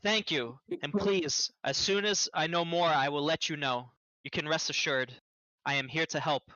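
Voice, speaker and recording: A man voicing a male mage who booms out a plea to calm an angry crowd, in a dull lo-fi stream recording. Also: moderate pace. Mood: reassuring. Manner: booming, earnest and pleading.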